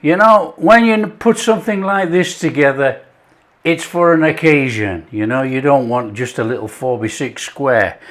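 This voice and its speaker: A man's voice: fairly high pitch, fairly bright tone. A man hosting a cooking show, talking through a recipe in jokey, chatty patter. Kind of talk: casual cooking demonstration.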